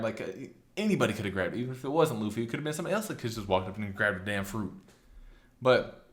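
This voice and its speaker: A man casually recapping a story, chatty and loose, slipping into quick quoted lines. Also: lowish voice, animated. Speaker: anime recap host.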